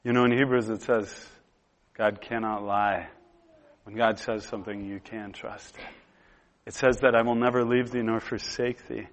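A man in his thirties preaching, telling a personal story in a relaxed conversational way with lots of pauses and fillers. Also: lowish voice, slight background noise. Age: 30s. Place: room with a gathered audience.

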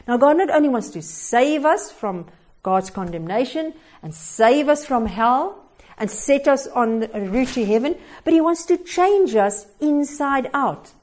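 A woman's voice: on the high side, a little mellow. A woman preaching a devotional sermon, telling a story expressively with little chuckles and hesitations.

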